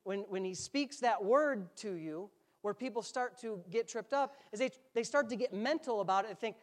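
A man's voice: high voice, moderate pace. Joking, conversational male pastor preaching. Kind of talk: sermon. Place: church sanctuary.

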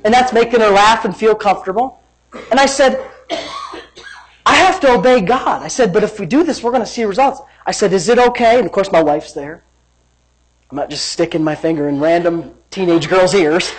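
A man preaching a sermon, telling a story with laughter and shouted emphasis. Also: high voice, a little hiss or hum, poor audio.

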